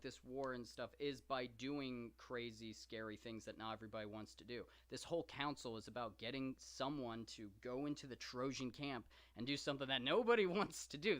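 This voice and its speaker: A man's voice: medium pitch, fairly bright tone. Rambling, enthusiastic man on a live stream. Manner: rambling, enthusiastic, full of fillers and asides. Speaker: podcast host reading and discussing the Iliad. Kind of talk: casual live-stream commentary.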